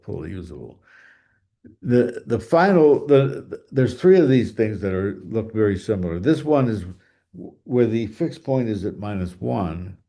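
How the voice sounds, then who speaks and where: A man's voice: on the low side, dark tone. A man giving a math lecture, thinking aloud with fillers and restarts and drifting away from the mic now and then.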